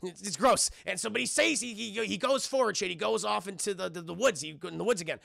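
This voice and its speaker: A man streaming a casual film recap who mocks the movie with profane, animated sarcasm and keeps talking to his chat. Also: high voice, quick pace, vocal fry, no room sound, clean studio sound. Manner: sarcastic, mocking the film and slipping into voices.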